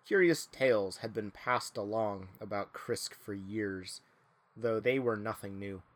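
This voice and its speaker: A man reading a story aloud to friends, slipping in dry, deadpan jokes. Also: fairly low pitch, measured pace. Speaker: story reader.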